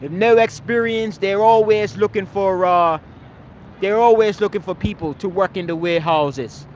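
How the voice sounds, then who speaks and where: Speaking at a moderate pace in a high, slightly mellow voice, a livestreamer argues with his chat, scolding it and swearing often. He repeats himself and tags his lines with "man." The highs are cut off and there is slight background noise.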